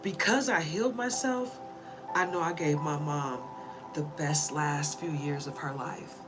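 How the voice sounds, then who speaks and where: A woman's voice: sits low, unhurried, rough recording. A woman giving spiritual readings, talking in a rambling, earnest way and often checking in with "you know?". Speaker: spiritual reader. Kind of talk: casual heartfelt monologue. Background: music.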